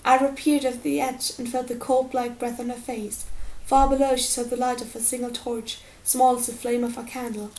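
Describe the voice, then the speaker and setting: A woman narrates a fantasy audiobook in a steady, measured way. Her voice sits a little above most women's. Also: fairly high pitch, rough recording. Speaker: audiobook reader.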